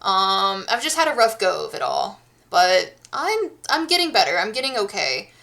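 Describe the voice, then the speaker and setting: A woman's voice: mid-range voice, big pitch swings, normal speed, creaky, bright, forceful tone. A woman in her thirties from the United States, chatting casually with her stream viewers and rambling along with many restarts and fillers.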